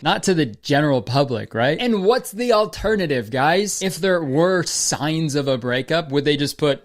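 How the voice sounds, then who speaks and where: Sarcastic young Canadian guy, swearing. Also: mid-range voice. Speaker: comedy YouTuber. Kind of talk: comedic vlog commentary.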